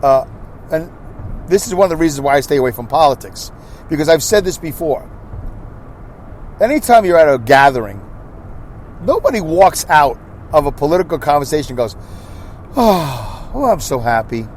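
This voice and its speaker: A man's voice: fairly high pitch, lively intonation, brisk, long pauses, slight background noise. A middle-aged American man hosting a casual solo podcast, rambling through his thoughts with asides and restarts. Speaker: podcast host.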